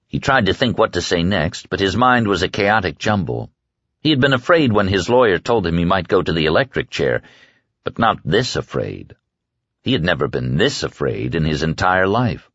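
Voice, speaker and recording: A man narrating an audiobook in a measured, expressive way. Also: sits low, no echo, highs cut off.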